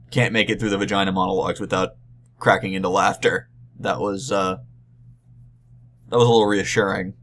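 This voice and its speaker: Rambling, halting young man vlogger. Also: on the low side, fairly bright tone. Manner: rambling, halting, many restarts and fillers. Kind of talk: casual convention recap.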